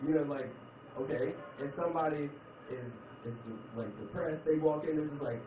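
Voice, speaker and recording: A man doing a stand-up comedy set, chatting with the audience and switching between loud put-on voices and low mutters. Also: moderate pace, noisy background. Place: comedy club stage. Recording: echoey club, distant mic, dull sound, crowd laughter.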